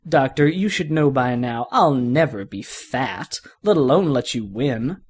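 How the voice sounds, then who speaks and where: A man's voice: medium pitch, animated, a little slow, husky. A man putting on a smug swaggering superhero. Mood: taunting. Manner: boastful, taunting. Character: cocky, smug male superhero. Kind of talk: audiobook fan fiction reading.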